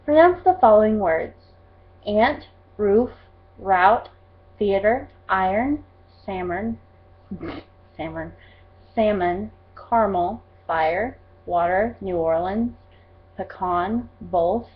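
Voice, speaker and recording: A woman's voice: mid-range voice, slow. A young woman from Oklahoma with a rural Oklahoma accent, chatty and upbeat, reading a word list for an accent challenge vlog. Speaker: vlogger. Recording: slightly dull lo-fi recording.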